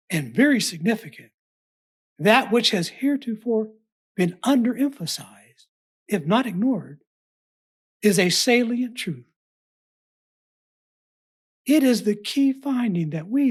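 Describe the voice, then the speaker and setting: A woman delivering a scripted Bible study sermon in a measured, emphatic, formal way. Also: mid-range voice, husky. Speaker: preacher.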